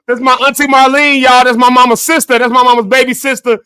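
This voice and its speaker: A man hosting a morning talk show, telling family stories in a lively way and laughing often. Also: very high voice, fairly quick, smooth, dry recording. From Illinois, United States. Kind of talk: casual storytelling chat.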